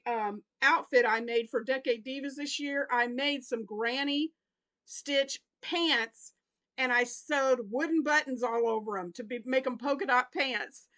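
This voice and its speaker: High-voiced, slow-talking chatty woman. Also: sharp tone. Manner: chatty, bursts into helpless laughter. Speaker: crochet vlogger. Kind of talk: casual gift-unboxing vlog.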